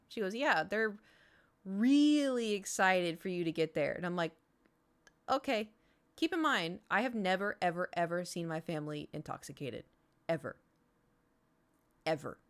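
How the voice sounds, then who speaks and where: A woman's voice: mid-range voice, quick pace, clean tone. A young woman streamer casually telling a story, acting out the people she quotes. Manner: animated, acts out quoted voices.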